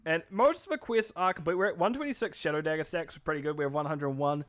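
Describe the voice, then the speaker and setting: A man casting a live esports match with quick, chatty play-by-play commentary, often correcting himself mid-sentence. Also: on the high side. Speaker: esports caster.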